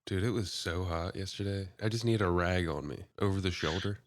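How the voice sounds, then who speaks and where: A man's voice: low voice, fairly quick, dry recording, clean studio sound. A man co-hosting a podcast, giving short reactions and laughing along. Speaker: podcast co-host. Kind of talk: casual chat.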